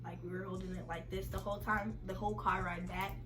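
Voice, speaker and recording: A young woman vlogger telling a casual storytime to her viewers, chatty and animated and often laughing. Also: medium pitch, fast, over music, low-quality recording.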